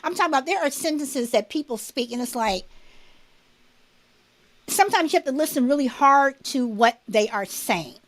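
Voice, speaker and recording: A woman co-hosting a podcast in casual, animated chat, often repeating words as she talks over others. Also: high voice, normal speed. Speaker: podcast co-host.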